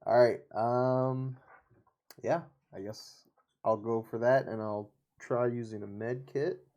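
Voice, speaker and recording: A man playing a board game with a friend, slow and hesitant, asking how the rules work in casual chat. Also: medium pitch, fairly even intonation, a little mellow. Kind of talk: casual tabletop playthrough chat.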